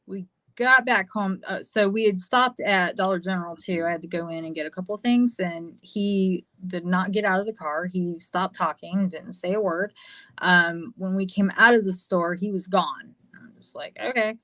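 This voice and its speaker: A woman's voice: lowish voice, normal speed, a bit bright, no room sound. Female guest, American, casual storyteller, frank and profane, dry sound. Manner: candid, swearing, lots of fillers. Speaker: podcast guest.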